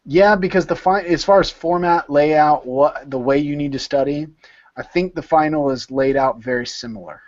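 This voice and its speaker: A man's voice: a little high, moderate pace, lo-fi sound. A man leading an informal study session over a video call, explaining step by step and repeating words as he thinks.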